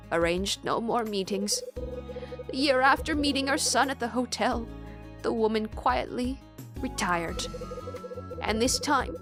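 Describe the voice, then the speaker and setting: Woman voicing a gentle retired stage singer. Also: on the high side.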